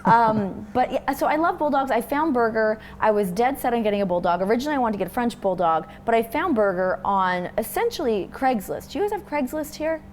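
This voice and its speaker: A woman's voice: on the high side, expressive, brisk, hardly any pauses, slight background noise. A young woman from Toronto, chatting casually as an interview guest and rambling with plenty of fillers. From Toronto, Canada.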